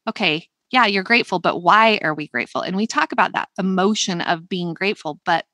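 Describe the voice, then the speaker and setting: A woman co-hosting a podcast in a casual, earnest chat, reflecting aloud and slowing down to stress her points. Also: lowish voice, sharp tone, dry recording. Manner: earnest, reflective, slows down for emphasis. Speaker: podcast co-host.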